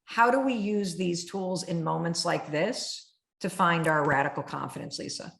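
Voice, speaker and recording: A middle-aged woman hosting a candid podcast conversation, animated and blunt, acting out voices in her stories and swearing freely. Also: lowish voice, moderate pace, vocal fry. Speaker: podcast host. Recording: roomy echo.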